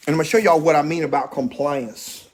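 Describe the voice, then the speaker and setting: Fast and steady in tone, this man's voice sits on the high side. On his easygoing credit repair livestream, he addresses viewers head-on, emphatic and repetitive.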